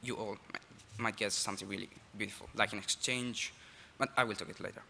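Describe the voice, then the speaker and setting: A teenage exchange student from Italy with an Italian accent, giving a halting, apologetic speech at a school assembly. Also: male voice, fairly low pitch, steady tone, gravelly, pushed and bright. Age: teens. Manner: nervous, halting, apologetic with laughs. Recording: reverberant hall, faint ambience.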